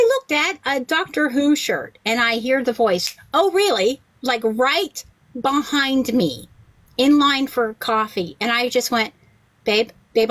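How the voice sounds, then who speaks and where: A woman chatting casually on a podcast, an animated storyteller who acts out the voices she quotes and swears freely. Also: fairly high pitch. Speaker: rabbi and podcast guest.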